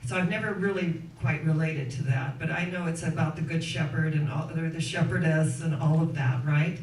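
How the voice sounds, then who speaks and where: A woman's voice: sits low, steady tone, moderate pace, a little mellow. Woman minister preaching in an echoey hall. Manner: earnest storytelling with rhythmic spiritual lists. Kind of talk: sermon. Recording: echoey room, distant mic, faint noise.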